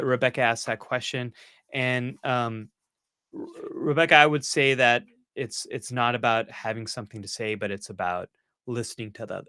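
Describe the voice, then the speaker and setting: A man hosts a live-stream Q&A, answering viewer questions one after another. His voice is bright and forceful, sits in a middle pitch, and is recorded dry with no room echo. He sounds earnest and encouraging, with self-mocking asides. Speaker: psychologist hosting a live-stream Q&A.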